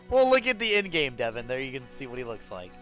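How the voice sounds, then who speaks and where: Young guy joking thru a game, laughs a lot, bright lively voice, dry room, music low. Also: normal speed. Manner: joking, laughs often, swears freely. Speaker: gaming commentator. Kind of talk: casual gameplay commentary.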